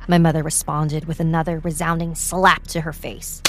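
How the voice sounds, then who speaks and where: A woman with a low voice tells a true ghost story as scripted narration. Her delivery is steady and measured, with clear music playing under her voice.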